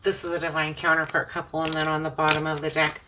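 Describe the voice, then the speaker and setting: Low-voiced woman giving an earnest tarot reading. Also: monotone, fast, far from the mic, heavy background noise. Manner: earnest, preachy, emotional. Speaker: tarot reader. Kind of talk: emotional spiritual tarot reading.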